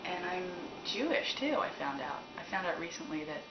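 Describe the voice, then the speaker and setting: Low-voiced woman from Canada, candid and giggly, roomy, muffled, noisy room sound. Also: big pitch swings, fairly quick. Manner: laughs often, rambling and candid. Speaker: musician answering fan questions. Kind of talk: casual chat. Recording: roomy, dull, noisy recording.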